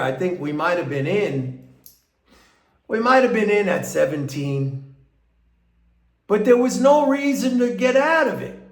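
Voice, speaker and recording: A man giving an unhurried, rambling market commentary, often restarting his sentences. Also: on the high side, echoey room. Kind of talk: casual market commentary monologue.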